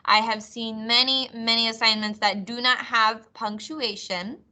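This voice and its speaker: Woman teacher on a video call, bright kinda high voice, explains slow and clear, acts out the examples. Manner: clear, explanatory classroom delivery with expressive read-aloud examples. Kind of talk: online class lesson. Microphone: computer mic on a video call.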